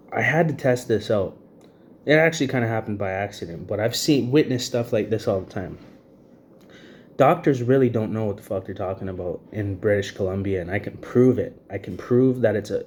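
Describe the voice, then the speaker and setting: Vlogger man in his thirties, lower-pitched mellow voice, breathless and agitated rant, lots of fillers. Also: a little hiss or hum. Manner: agitated, repetitive, many "you know what I mean" fillers. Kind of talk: ranting to camera.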